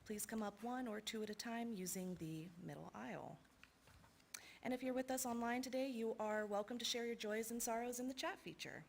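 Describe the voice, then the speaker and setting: Worship leader, woman, calm measured delivery. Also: on the high side, gravelly, a little hiss or hum. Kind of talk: church announcements and reading.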